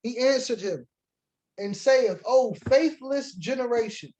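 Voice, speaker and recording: A man's voice: extremely high pitch, measured pace, a little mellow, low-quality recording. A man teaching a sermon-style Bible lesson to a congregation, reading scripture aloud and defining words, switching between emphatic preaching and casual asides.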